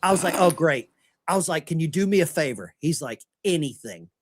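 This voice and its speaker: Animated American man telling stories. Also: on the high side, fairly quick, no room sound. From United States. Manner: animated anecdote-telling, acting out quoted voices. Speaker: podcast host. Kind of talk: casual storytelling chat.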